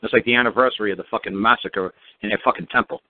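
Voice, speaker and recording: A man's voice: fairly low pitch, fairly even intonation, very fast. Blunt, profane man on a phone line. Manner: emphatic, commanding. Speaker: guest. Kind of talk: casual call-in radio talk. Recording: dry tinny phone line.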